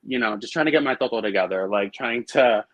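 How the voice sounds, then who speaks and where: A man with a Boston accent, chatting casually as a podcast guest and telling animated stories full of fillers. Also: medium pitch, a crowd in the background, low-quality recording. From Argentina. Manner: animated, quick storytelling with lots of fillers. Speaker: drag performer guest.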